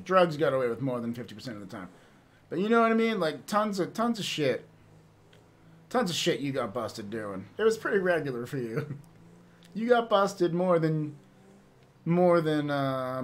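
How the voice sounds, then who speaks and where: A man's voice: fairly high pitch, fairly bright tone. A man streaming and chatting casually with viewers, rambling and laughing often, with some swearing.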